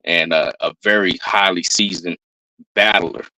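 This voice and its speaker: A man hosting a battle rap recap in relaxed, casual commentary, repeating punchlines back. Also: deep voice, unhurried, no echo, low-quality recording.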